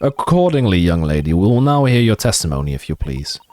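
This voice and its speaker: A man voicing a stern elderly male judge in a game, formal and measured. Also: low voice, very animated, darkish tone, dry recording, voice pushed down.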